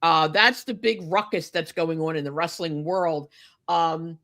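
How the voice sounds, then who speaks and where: A woman's voice: sits low, steady tone, measured pace, a bit bright. A woman co-hosting a podcast, chatting casually and getting indignant about a wrestling match, with lots of fillers and restarts. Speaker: podcast co-host.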